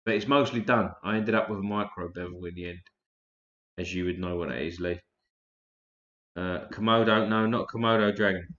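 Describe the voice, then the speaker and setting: A man's voice: low voice, steady tone, moderate pace, a bit bright. A man hosting a casual live stream, chatting loosely and swearing freely while tired and yawning. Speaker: livestream host. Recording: roomy, dull lo-fi stream audio.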